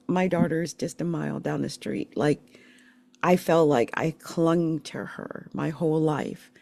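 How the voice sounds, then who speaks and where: A middle-aged woman from the Philadelphia area telling her life story in a candid, emotional, rambling way, with halting restarts. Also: low voice, vocal fry, warm tone. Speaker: channel host sharing her life story. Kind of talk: personal storytelling monologue.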